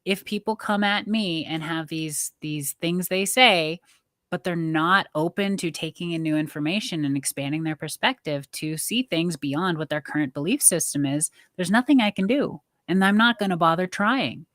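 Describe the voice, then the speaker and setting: A woman's voice: on the low side, moderate pace, a bit bright, dry recording, clean studio sound. A middle-aged woman speaking earnestly and openly as a podcast guest in a casual interview. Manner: earnest, open and reflective.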